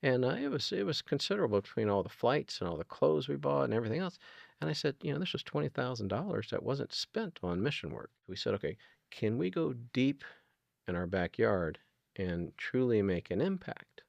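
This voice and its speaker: A man's voice: medium pitch, very animated, fairly quick, gravelly, no room sound, dull audio. A middle-aged man talking earnestly as an interview guest, retelling conversations with plenty of ums and you-knows. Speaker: guest, food nonprofit founder.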